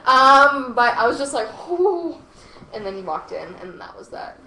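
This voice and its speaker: A woman's voice: a little high, moderate pace. A woman guest on a podcast telling a personal story in casual chat, full of "like" and free swearing. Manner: animated, heavy use of "like", swearing freely. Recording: echoey room with faint noise.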